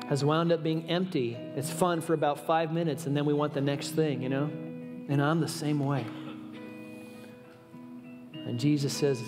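Male preacher, slightly high voice, earnest and informal, church hall with long reverb. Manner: earnest, informal, addresses the audience directly. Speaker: guest preacher. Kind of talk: conversational sermon. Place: large church auditorium.

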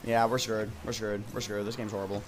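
A young man streaming a game, frustrated and ranting, with lots of swearing, dropping from low mutters to loud yells. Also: flat delivery, fast, faint music behind.

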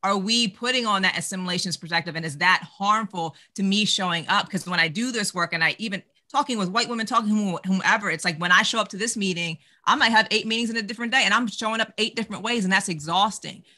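Forceful, emphatic woman panelist. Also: mid-range voice, fast talker, hardly any pauses. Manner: emphatic, conversational, peppered with "like". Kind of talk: candid panel discussion.

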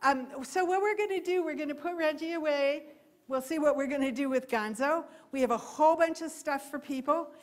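A woman giving a live talk about birds of prey to a library audience, lively and playful, speaking into a handheld mic. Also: high-pitched, a little fast. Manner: lively, imitates owl hoots. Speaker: wildlife educator. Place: library program room.

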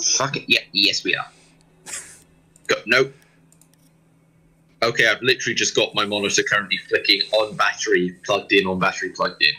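Male gamer, low and husky with a sharp, bright edge; grumbling, swearing delivery. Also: fairly even intonation, normal speed, pauses often, rough recording. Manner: frustrated muttering, swears at tech troubles. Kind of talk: casual chat while playing.

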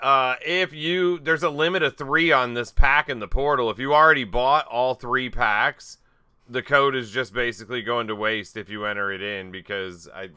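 A man's voice: medium pitch, pushed and bright, clear, resonant tone. A man hosting a casual livestream giveaway, reading out viewer names and chatting easily. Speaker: livestream host.

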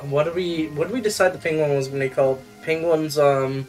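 A man's voice: on the high side, fairly even intonation, brisk, a little mellow, faint music behind. A young man co-hosting a casual video game playthrough, giggly and easily amused. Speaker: co-host and video editor. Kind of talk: casual gaming chat.

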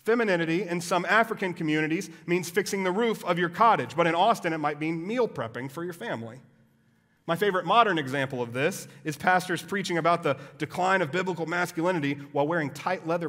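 Pastor guy preaching, chatty explainer tone, kinda high voice, big echoey church hall. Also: a bit bright. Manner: explanatory, conversational, with casual asides. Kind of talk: sermon. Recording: long reverb of a church hall.

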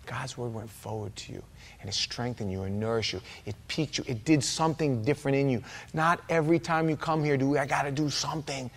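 A mid-range male voice at a quick pace belongs to a pastor delivering an informal, chatty Bible-study sermon in the sanctuary, joking with his congregation.

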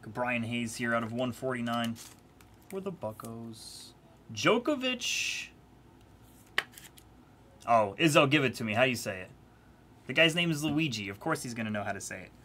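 A man's voice: mid-range voice, fast, bright, forceful tone. A man hosting a live trading-card break, chatting casually and teasing his viewers in a playful way. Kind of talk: casual live-stream commentary.

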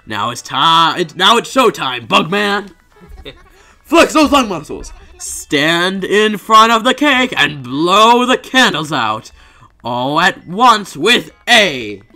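A man's voice: high voice, sing-song, takes it slowly, pushed and bright, heavily acted. A man voicing cheery animal villagers, reading game dialogue in a playful sing-song way.

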